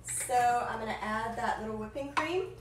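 A woman with a fairly high voice chats bubbly and unscripted as she cooks live for her viewers. Her voice rings in an echoey home kitchen, with faint clatter behind her. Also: moderate pace, noisy background. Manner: chatty, self-deprecating, bubbly. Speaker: cooking show host. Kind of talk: live cooking stream chat.

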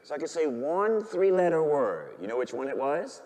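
Lively-pitched preacher man in a reverberant hall. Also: normal speed. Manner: animated storytelling, bantering with the congregation. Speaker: Catholic priest. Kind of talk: sermon.

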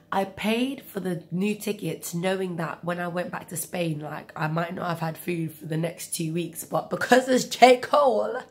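A young woman with a cold telling a story in a chatty, rambling vlog style. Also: lowish voice. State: has a cold, coughing. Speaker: vlogger. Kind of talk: casual storytelling.

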